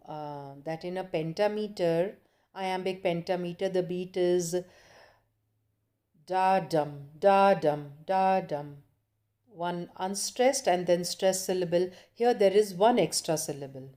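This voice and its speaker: A woman lectures on a poem, with a voice of middling pitch. She moves through it stanza by stanza, pausing to gloss hard words. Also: warm tone. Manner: explains English lines, then glosses them in Hindi. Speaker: college lecturer. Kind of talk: poetry lecture.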